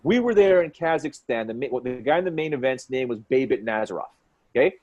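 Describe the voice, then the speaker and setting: A man in his forties, a fight commentator guest, telling stories in an excitable, quick way and acting out what people said. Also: medium pitch, muffled recording. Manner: excitable, quick storyteller who acts out quotes. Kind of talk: animated storytelling in conversation.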